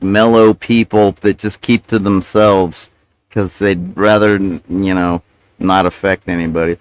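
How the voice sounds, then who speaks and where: A livestreamer with a lowish voice rants casually on his stream, cursing, justifying himself, and mumbling through mouthfuls of food as he eats. It's rambling stream talk, recorded roughly with no echo.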